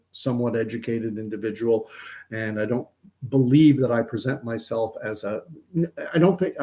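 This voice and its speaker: A man's voice: medium pitch, warm tone. A middle-aged man from Canada, hosting casual commentary in a rambling way with many restarts and repeated words. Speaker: host.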